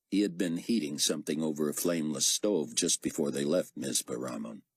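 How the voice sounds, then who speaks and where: A man's voice: very deep voice, fairly quick, hardly any pauses, husky, no room sound. A man narrating an audiobook expressively, voicing many characters. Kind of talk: scripted narration.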